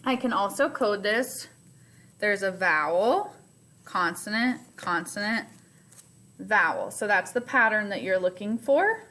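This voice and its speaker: A woman's voice: mid-range voice, unhurried, pauses often, bright, forceful tone. A woman teacher recording a remote phonics lesson for her students, explaining step by step in a patient way.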